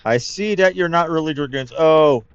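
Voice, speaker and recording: A man's voice: on the high side, moderate pace, smooth, dry recording. A man hosting a let's play, giving chatty, wry commentary full of rambling asides. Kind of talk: casual gameplay commentary. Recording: dull lo-fi mic with game music.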